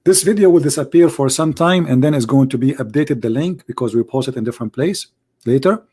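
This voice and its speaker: In an online commentary video, a hoarse-voiced man argues about religion with sarcasm and mockery. He talks briskly at medium pitch, and his tone is dark.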